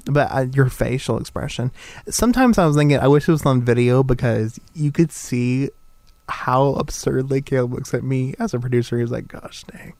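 A man's voice: mid-range voice, normal speed, a little mellow, no room sound. A young man hosting a talk show, bantering playfully and gushing over his guests. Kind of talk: casual banter.

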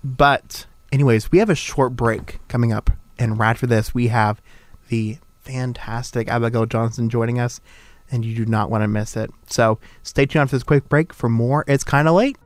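A man's voice: mid-range voice, fairly even intonation, moderate pace, dry recording. A young man hosting a talk show, bantering playfully and gushing over his guests. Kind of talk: casual banter.

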